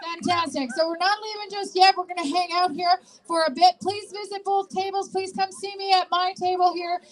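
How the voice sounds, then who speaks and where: A woman emceeing a rally, leading the crowd in loud, upbeat call-and-response. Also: extremely high pitch, steady tone, normal speed, low-quality recording.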